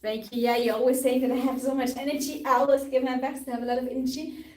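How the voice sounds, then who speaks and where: A woman's voice: sits high, level tone, quick pace, distant mic. Upbeat Austrian woman in an echoey room. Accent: Austrian German. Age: young adult. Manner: chatty and upbeat, laughs often, switches between English and German. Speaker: fitness trainer and live stream host. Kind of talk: casual live-stream chat answering comments.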